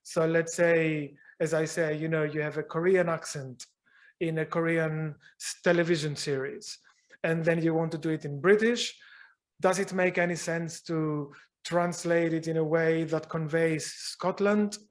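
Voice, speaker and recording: A man's voice: fairly high pitch, fairly even intonation, measured pace. A male guest lecturer answering audience questions in a university lecture room, thoughtful and searching for his words.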